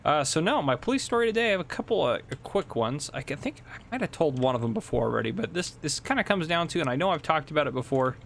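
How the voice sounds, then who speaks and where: Gravelly-voiced man narrating a farming game. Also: on the high side, sing-song, fast, few pauses, fairly bright tone, a little hiss or hum. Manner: chatty, laughs while telling stories. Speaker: gameplay host and police officer. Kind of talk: casual gameplay commentary.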